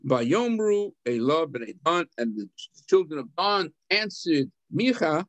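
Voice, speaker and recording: An older man, a rabbi, teaching an adult class on a scripture text, reading phrases and explaining them with lively acted-out dialogue. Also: fairly high pitch, takes it slowly, dry recording. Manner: animated, acts out the characters' lines.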